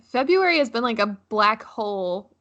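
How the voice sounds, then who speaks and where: A woman's voice: fairly high pitch, expressive, normal speed, fairly bright tone, lo-fi sound. A young woman co-hosting a casual chat podcast, giggly and prone to tangents. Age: young adult. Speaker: podcast co-host.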